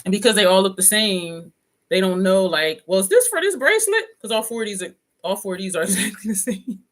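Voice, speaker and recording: Her voice is mid-range and steady, and she talks fairly quickly. This woman vlogger chats casually with live comments, reading them aloud, laughing often and slipping into quoted voices.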